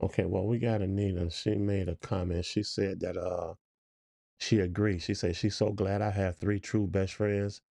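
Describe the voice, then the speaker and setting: A middle-aged man co-hosting a podcast in relaxed, casual chat, posing hypothetical questions and reading out listener comments. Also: deep voice, moderate pace, creaky, no echo, clean studio sound. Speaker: podcast co-host.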